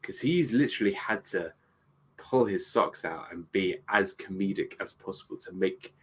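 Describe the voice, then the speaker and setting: Husky low-voiced man reviewing a movie. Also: moderate pace, a bit bright. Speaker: co-host of a movie review show. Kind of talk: casual chat, movie commentary.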